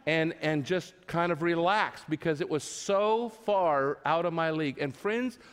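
A man's voice: fairly high pitch, unhurried, fairly bright tone, smooth. A male pastor telling a personal story in a sermon, chatty and self-deprecating, stumbling over his words as he goes. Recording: long reverb of a large hall.

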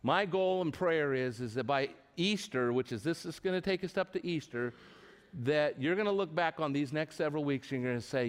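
A man's voice: a little high, brisk, clean tone. A man preaching a sermon to a live congregation in a church, retelling stories with animation and often restarting his words. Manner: animated storytelling with frequent restarts. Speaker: pastor. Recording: long reverb of a large hall.

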